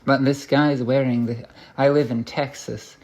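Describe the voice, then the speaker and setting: A man's voice: medium pitch, steady tone, unhurried, a little mellow, lo-fi sound. A young man talking straight to camera in a confessional vlog, rambling and rueful, often restarting his sentences. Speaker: vlogger.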